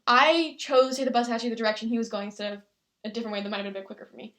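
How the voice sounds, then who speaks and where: A young woman with a fairly high voice, talking fast as she tells a story on a casual podcast. She chats freely and often acts out what other people said. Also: fairly bright tone. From Canada. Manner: chatty storytelling, quoting others. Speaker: podcast co-host. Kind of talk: casual chat.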